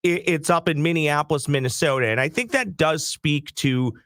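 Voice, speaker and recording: A man's voice: a little high, normal speed, a bit bright, no echo, clean studio sound. Earnest man talking college football. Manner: earnest, building his point with repetition. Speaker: sports podcast co-host. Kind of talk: casual sports chat.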